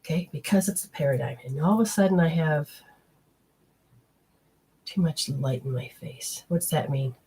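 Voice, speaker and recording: A woman hosting a show as a psychic medium, talking casually and bluntly as she passes on spirit messages in quick, fragmented bursts and swears freely. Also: sits low, dark tone, husky.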